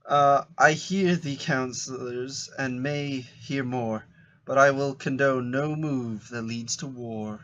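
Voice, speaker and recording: Man reading a resolute young queen, bright forceful tone, slow deliberate verse. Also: mid-range voice, dull audio. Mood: firm. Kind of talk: table read in Shakespearean verse.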